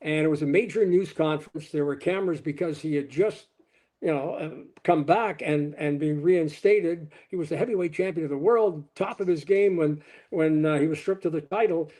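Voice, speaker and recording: Older man telling a lively story. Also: a little high, moderate pace. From Canada. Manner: animated anecdote teller, quoting people in his stories. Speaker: sportscaster guest. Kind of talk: storytelling in an interview.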